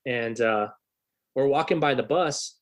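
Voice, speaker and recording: A man in his thirties, a musician guest on a podcast, telling a story in a casual, swearing, animated way. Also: mid-range voice, unhurried. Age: 30s. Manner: swears freely, animated retelling.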